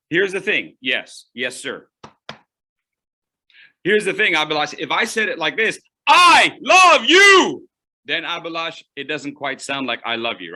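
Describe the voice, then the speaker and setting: Animated, playful male speaking coach. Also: medium pitch. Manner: dramatic pauses, playful, swings from loud to hushed. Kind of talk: online speaking workshop.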